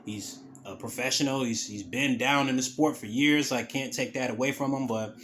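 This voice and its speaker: Man, podcast host, casual commentary, profane, conversational, mid-pitched voice. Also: normal speed, fairly bright tone, a little hiss or hum. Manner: loose, profane, conversational storytelling.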